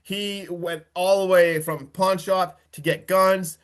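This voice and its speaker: A man with a slightly high voice talks through a horror film's plot on a casual podcast. He gets worked up, swears freely and slips into quick impressions of the characters. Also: smooth. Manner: excitable, swears, acts out quotes from the film. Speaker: podcast host. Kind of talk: casual film recap.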